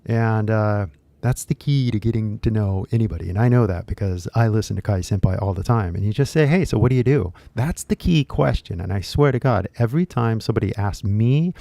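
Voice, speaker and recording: A man's voice: lowish voice, fairly quick, vocal fry, warm tone, no echo. A man with a Californian accent, an accent teacher talking casually to camera in a rambling, chatty way with many fillers. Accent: Californian English.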